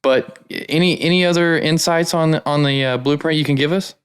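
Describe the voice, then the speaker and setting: Host: man with a smooth, resonant voice, eager and casual, stumbles over repeated words. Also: fairly high pitch, fairly even intonation, a little fast. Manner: enthusiastic, repeats words, says "man" often. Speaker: podcast host. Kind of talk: conversational podcast interview.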